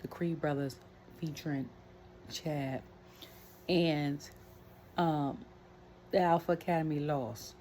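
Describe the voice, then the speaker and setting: Brief: woman, low voice, rambling wrestling rant, faint room hiss. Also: fairly even intonation, slow, long pauses, a little mellow. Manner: rambling, chatty, many fillers and asides. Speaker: wrestling commentary vlogger. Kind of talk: casual rant.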